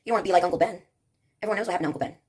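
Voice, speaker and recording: A woman's voice: on the low side, racing, darkish tone, breathy edge. A woman doing a rambling, improvised comedy monologue, free-associating absurd jokes and laughing at herself.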